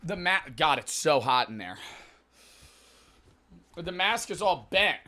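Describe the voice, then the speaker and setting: A young man on a livestream swears through a rambling, exasperated running commentary. His bright, forceful voice sits a little high and swings widely in pitch. He keeps reacting to the lingering heat of spicy food. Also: big pitch swings, slow pace, no echo. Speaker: streamer. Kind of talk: casual livestream chat.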